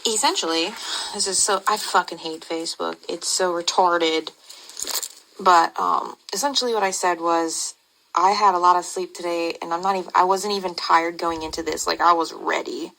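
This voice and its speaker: A woman's voice: fairly low pitch, steady tone, moderate pace, gravelly, pushed and bright, slight background noise, rough recording. A woman psychic medium recounting her experience casually and bluntly, with swearing and loose storytelling. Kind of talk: casual recorded message.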